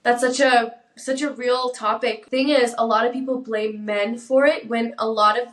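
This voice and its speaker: A woman in her twenties hosting a casual chat, affirming and quick to agree. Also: fairly high pitch, fairly even intonation. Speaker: host. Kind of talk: casual conversation. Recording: roomy sound, distant from mic.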